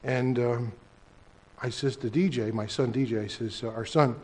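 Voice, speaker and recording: An older man preaching a sermon as pastor, telling a story and swinging between loud emphasis and hushed, almost whispered lines. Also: medium pitch, fairly even intonation, normal speed, husky.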